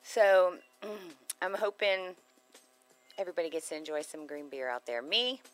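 A woman's voice: fairly low pitch, a little slow. A woman co-hosting a radio show in casual banter, bubbly and jokey, laughing often.

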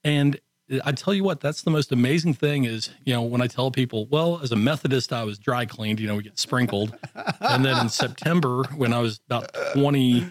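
A middle-aged man, a guest on a radio talk show, telling animated war stories with laughs and quoted voices. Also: medium pitch, brisk. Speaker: guest, Army veteran. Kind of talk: casual storytelling. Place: radio studio.

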